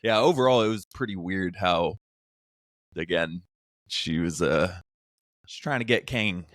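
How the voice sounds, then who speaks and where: A man's voice: low-pitched, unhurried, fairly bright tone, no room sound, studio quality. An American man guesting on a podcast, chatting casually with laid-back slangy banter. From United States.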